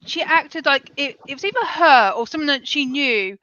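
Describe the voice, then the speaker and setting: High-voiced woman on lo-fi call audio. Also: lively intonation, normal speed, pushed and bright, no echo. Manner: chatty, rambling, self-mocking. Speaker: livestream guest. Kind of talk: casual livestream chat.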